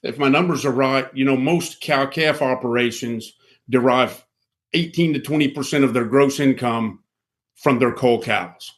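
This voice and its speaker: A man talking about markets as a podcast guest, folksy and blunt, telling stories in an animated way. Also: mid-range voice, moderate pace. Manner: animated storyteller who acts out quoted voices. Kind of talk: casual podcast conversation.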